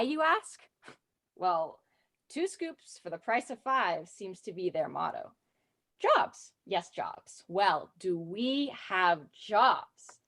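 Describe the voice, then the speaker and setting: A woman's voice: mid-range voice, a bit bright. A young woman performing her own comic and serious poems with a playful, theatrical delivery, then answering questions. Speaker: student poet. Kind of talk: poetry reading.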